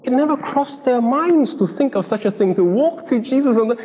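This preacher's extremely high, animated voice moves a little fast as he tells stories in his sermon, acting out quoted voices with emphasis. The recording has a dull lo-fi quality in a reverberant hall.

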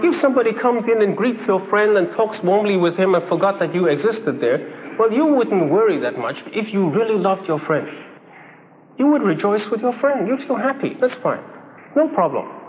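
A man preaching a sermon in a conversational way, acting out little dialogues and chuckling as he goes. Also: high voice. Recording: dull echoey hall recording with faint hiss.

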